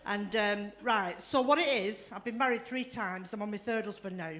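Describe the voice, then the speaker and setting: A woman's voice: mid-range voice, moderate pace, fairly bright tone. A woman doing a bawdy stand-up comedy set, swearing freely and laughing through her lines. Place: comedy club stage.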